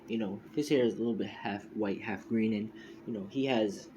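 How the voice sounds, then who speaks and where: A man's voice: fairly low pitch, fairly even intonation, a little fast, mellow, highs cut off, slight background noise. Rambling man telling a story off the cuff. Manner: rambling, heavy use of "you know" and "you could say"; self-correcting, loose and informal. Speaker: fan fiction storyteller. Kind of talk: casual improvised storytelling.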